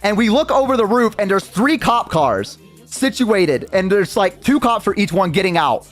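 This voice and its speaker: A man's voice: high-pitched, animated, moderate pace, faint music behind. A young adult man, a streamer, telling a story in a rambling casual way, full of fillers and swearing.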